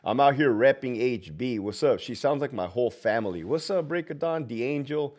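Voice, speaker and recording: A man's voice: medium pitch, lively intonation, normal speed, a little mellow. A man who works as a prison officer, chatting on a live stream and answering viewers bluntly with constant swearing. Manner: talks back to viewers' comments. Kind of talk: casual live-stream chat.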